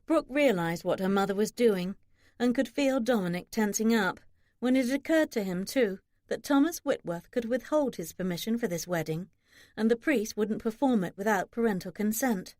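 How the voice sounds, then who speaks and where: A woman's voice: moderate pace, no echo, studio quality. A woman narrating a historical romance audiobook, giving characters light shifts in voice. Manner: expressive, shifts pitch for characters.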